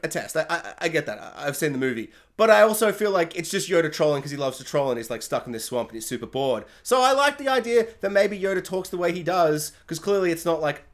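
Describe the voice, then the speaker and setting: A young man reviewing a series in a casual, jokey rant, acting out quotes in high, excited voices.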